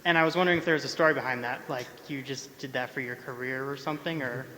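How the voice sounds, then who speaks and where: Nervous bright-voiced fan at an audience mic. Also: male voice, mid-range voice, fairly even intonation, fast talker, slight background noise. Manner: nervous, rambling, trails off. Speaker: fan asking a question. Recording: audience mic in a reverberant hall.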